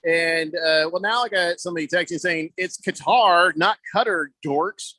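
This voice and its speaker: A man's voice: on the high side, steady tone, normal speed, pushed and bright, no room sound. A man hosting a sports talk radio show, rambling and joking as he reads listener texts aloud. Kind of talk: casual call-in talk radio. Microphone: studio microphone.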